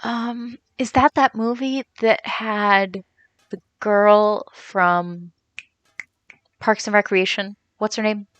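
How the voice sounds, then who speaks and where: A woman's voice: mid-range voice, steady tone, slow pace, fairly bright tone, no echo, dull audio. A young woman streamer chatting casually and rambling as she answers viewers while she plays. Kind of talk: casual chat while gaming, reading chat.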